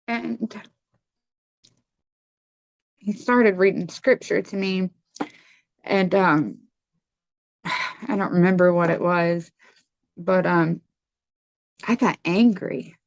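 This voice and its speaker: A woman telling a personal testimony in a casual, halting way, with many fillers and restarts. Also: mid-range voice, creaky, no echo. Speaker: testimony guest.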